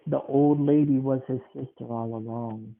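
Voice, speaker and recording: A man's voice: medium pitch, moderate pace, gravelly. A young man co-hosting a podcast with his grandmother, telling a spooky story and chatting casually with lots of fillers. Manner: relaxed, many fillers, dramatic "dun dun dun". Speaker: podcast co-host. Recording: tinny phone-like sound.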